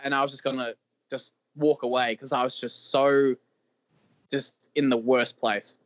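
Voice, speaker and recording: A male wrestler being interviewed, talking candidly in a halting way with repeated words and many fillers. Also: medium pitch, steady tone, a bit bright, dry recording. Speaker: professional wrestler guest.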